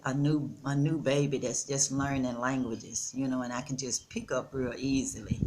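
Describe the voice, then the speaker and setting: Outdoors in the Gambia, a sixties-aged vlogger from Texas has a casual, earnest chat with her audience. She speaks slowly in a bass voice, calls everyone y'all, and there's slight background noise.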